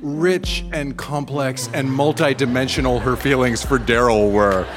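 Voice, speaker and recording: A man's voice: medium pitch, fairly even intonation, measured pace, over music. A Canadian man hosts the show and narrates scripted introductions of the readers. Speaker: podcast host.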